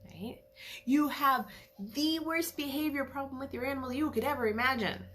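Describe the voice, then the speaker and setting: A middle-aged woman, an animal communicator, giving a chatty, animated solo talk with frequent laughs. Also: high voice, normal speed. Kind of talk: casual solo talk to camera.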